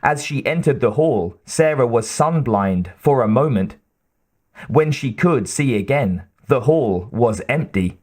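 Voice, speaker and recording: Slow, measured male audiobook narrator. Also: medium pitch, expressive, a little mellow.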